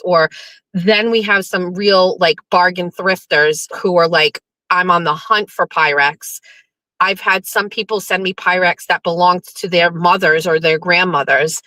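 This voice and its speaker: A woman's voice: on the low side, pushed and bright, dry recording. A middle-aged woman hosting a live show, chatting casually to her viewers, swearing and talking back to the chat. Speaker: livestream show host.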